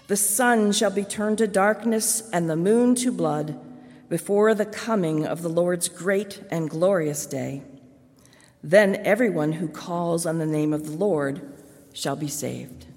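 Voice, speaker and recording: A woman reads scripture aloud in a church at a very slow, deliberate pace, her low voice sounding distant. A long hall reverb hangs around every phrase. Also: a little mellow. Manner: slow, measured solemn reading. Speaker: scripture reader.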